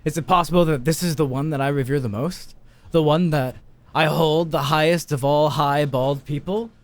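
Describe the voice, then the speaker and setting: A man co-hosting a comedy podcast, telling an excitable, profane story about himself. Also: a little high, moderate pace. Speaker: podcast co-host.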